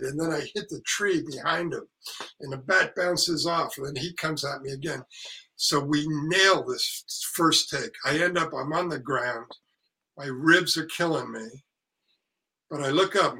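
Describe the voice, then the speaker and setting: An older man, an actor and author, casually telling animated stories in an interview, acting out quotes and swearing freely. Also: fairly high pitch, creaky, low-quality recording.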